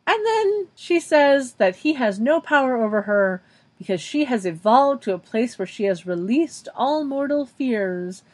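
A woman with a fairly high voice, speaking a little slowly, co-hosts a podcast and recaps a TV episode in casual chat. She's animated, narrating each scene in detail.

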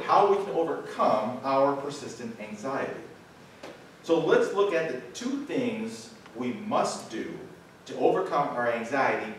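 A man preaching a sermon with emphatic delivery and dramatic slow pauses. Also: medium pitch. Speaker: pastor. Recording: echoey distant church sound with faint room noise.

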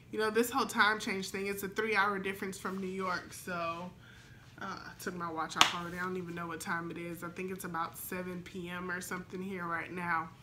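Young woman vlogging about her flight attendant work, bright voice, gushy and excited. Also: mid-range voice, slight background noise. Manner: excited, emotional and chatty with fillers. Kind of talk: casual vlog chat.

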